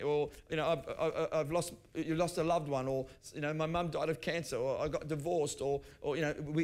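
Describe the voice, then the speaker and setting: A man's voice: on the high side, expressive, fairly quick. A middle-aged man preaching a sermon, conversational, often restarting his sentences as he tells personal stories. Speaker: pastor. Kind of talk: sermon teaching.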